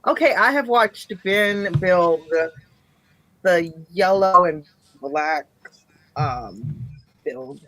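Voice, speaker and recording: A woman's voice: lowish voice, lively intonation, extremely slow, pauses often, fairly bright tone, a little hiss or hum, low-quality recording. A woman on a podcast panel, teasing and playfully exasperated as she guesses in casual chat.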